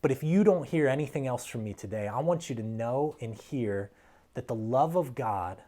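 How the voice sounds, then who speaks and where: Male pastor, mid-pitched voice, earnest sermon delivery that swings between hushed lines and emphatic peaks. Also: animated, normal speed. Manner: earnest, emphatic preaching with soft drops and rising peaks.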